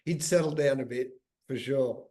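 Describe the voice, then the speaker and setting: A man's voice: mid-range voice, normal speed, mellow. A middle-aged Australian man, a guest in casual chat, talking in a loose, rambling way and swearing freely. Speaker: guest, big wave surfer.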